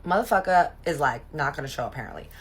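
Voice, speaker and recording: A woman's voice: low-pitched, expressive, fast, slightly rough. A young adult woman telling a personal story in a casual, gossipy, profane way.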